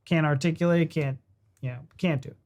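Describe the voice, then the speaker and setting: A woman's voice: deep voice, fairly even intonation, moderate pace, a little mellow. An American woman hosting a reaction video, joking around bluntly and swearing casually. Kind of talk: casual chat.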